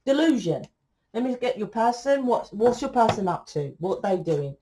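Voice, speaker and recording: A woman's voice: fairly high pitch, very animated, normal speed, noisy background. A woman giving a casual tarot reading, blunt and lecturing, swearing freely as she talks to her viewers. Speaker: tarot reader.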